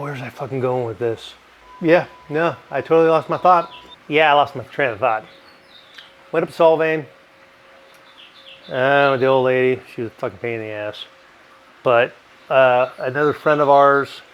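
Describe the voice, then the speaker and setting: A man's voice: medium pitch, a little hiss or hum, poor audio. Profane, rambling middle-aged man. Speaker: bourbon reviewer. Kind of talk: casual rambling review. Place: home in California.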